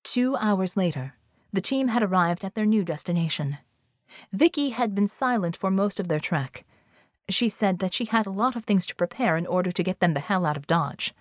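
A woman narrating an adventure audiobook in a steady, even storytelling manner. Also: medium pitch, normal speed, dry recording, studio quality. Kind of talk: scripted narration.

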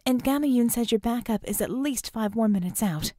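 A quick-witted young woman tech hero, as an audiobook reader plays her, joking and rushing through plans in a lifted, mellow voice. The recording is close and dry. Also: on the high side, dry recording, natural voice.

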